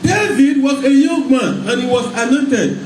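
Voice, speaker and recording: A man's voice: extremely high pitch, measured pace, crowd noise. A man with a Nigerian accent preaching a sermon in rhythmic call-and-response style. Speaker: pastor. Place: church hall. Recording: echoey hall, mic far off, faint noise.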